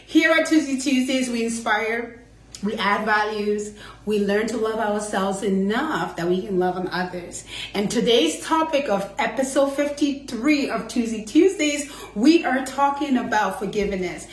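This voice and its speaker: In a roomy, echoing recording, a woman hosts an inspirational talk episode in a fairly high, unhurried voice. She's heartfelt and chatty, laughing often while encouraging her listeners.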